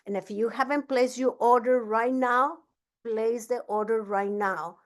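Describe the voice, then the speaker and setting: A woman giving a casual training talk as a business coach, energetic and often restarting her sentences. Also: mid-range voice. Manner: energetic, repeats herself, frequent restarts.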